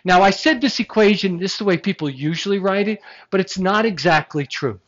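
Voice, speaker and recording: A science lecturer teaches a classroom full of students in an animated, emphatic way. The lecturer poses rhetorical questions and slips in jokes. The recording is dull and lo-fi, as if taped in the lecture room. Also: medium pitch, a little fast.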